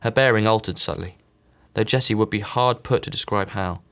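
A man reads a novel aloud in a low, steady voice. He gives each character only a slight change of voice. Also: brisk. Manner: reads all characters with small voice shifts. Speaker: audiobook narrator. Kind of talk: scripted narration.

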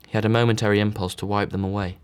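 A man's voice: fairly low pitch, little pitch movement, very fast, clean tone. A man narrating a novel, reading all the characters with slight voice shifts. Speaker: audiobook narrator. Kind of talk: scripted narration.

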